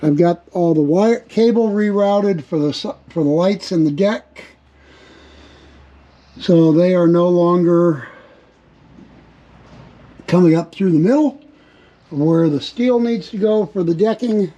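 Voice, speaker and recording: Talking slowly and leaving long pauses, a vlogger explains each stage of a hands-on repair on his RV, chatting casually to the camera in a workshop area around the vehicle's frame. His voice sits high and sounds mellow, and the recording is lo-fi.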